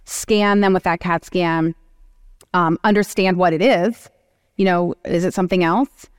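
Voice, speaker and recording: A woman moderating a medical education panel, talking animatedly and acting out quick exchanges with patients. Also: lowish voice, fairly even intonation, clear, resonant tone, dry recording, clean studio sound. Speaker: panel moderator, oncology clinician. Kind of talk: continuing-education panel discussion.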